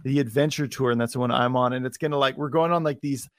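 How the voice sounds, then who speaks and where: A man's voice: mid-range voice, steady tone, fast, a bit bright, no echo. A man hosting an interview show, chatting casually and enthusiastically.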